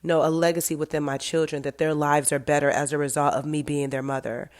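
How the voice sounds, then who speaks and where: A woman's voice: sits low, level tone, brisk. A middle-aged woman hosting her own podcast, talking through her thoughts in a candid, heartfelt solo monologue that turns emotional at times. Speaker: podcast host.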